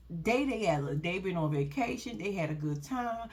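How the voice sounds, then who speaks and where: A woman giving casual, animated commentary on a reality show, laughing often and swearing freely. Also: lowish voice, unhurried. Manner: animated, laughing, profane, sassy.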